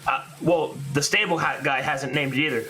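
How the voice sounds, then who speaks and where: Deadpan chill bro adventurer, lower and bright-edged, totally unbothered, a man putting him on. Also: a little fast, soft background music. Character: laid-back deadpan male adventurer, bro-ish. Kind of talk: retelling a tabletop game.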